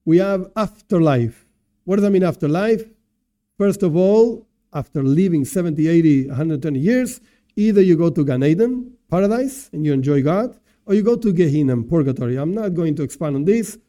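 Man with a very dark tone, lecturing. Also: a little high, lively intonation, moderate pace. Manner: thinks aloud, rephrases and translates terms as he goes. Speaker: religious teacher. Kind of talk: informal lecture on Jewish teachings.

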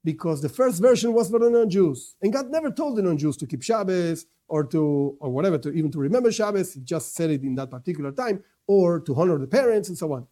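A man's voice: on the high side, expressive, fast talker, few pauses, dark tone. Emphatic man teaching a religious lesson. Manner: emphatic, repeats phrases, self-corrects. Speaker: Torah teacher. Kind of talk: religious lesson to non-Jews.

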